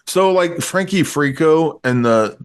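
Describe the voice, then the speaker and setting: A man's voice: on the high side, lively intonation, measured pace, smooth. A man reviewing movies on a podcast in casual chat, rambling through the plot with stumbles and restarts.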